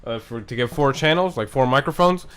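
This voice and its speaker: A man hosting a podcast in a relaxed, slangy way, encouraging his guest and explaining things. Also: mid-range voice, a little fast, clean tone. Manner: laid-back, encouraging, slangy. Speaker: podcast host. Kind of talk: casual chat.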